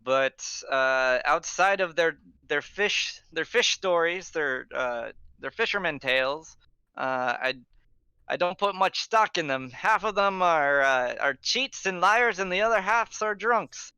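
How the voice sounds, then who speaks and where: A man's voice: on the high side, lively intonation, measured pace, bright, forceful tone, clear, resonant tone, dry recording, lo-fi sound, voice pushed up, exaggerated voice. A man voicing a drunk, jovial elderly male guard captain who hiccups and stumbles over his words in a tabletop game. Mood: hearty.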